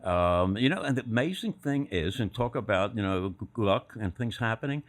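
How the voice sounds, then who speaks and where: An older man, a guest on a podcast, telling anecdotes in a casual, animated way and laughing at his own stories. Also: lowish voice, moderate pace. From Philadelphia area. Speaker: guest, former sports executive. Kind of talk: casual storytelling interview.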